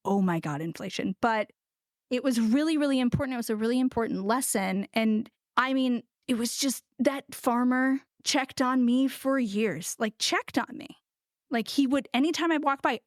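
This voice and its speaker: Speaking at a moderate pace in a slightly high voice, a middle-aged ceramicist from the United States tells a story as a guest in a relaxed interview. She is animated and laughs often, performing the voices she quotes, with clean, dry studio sound.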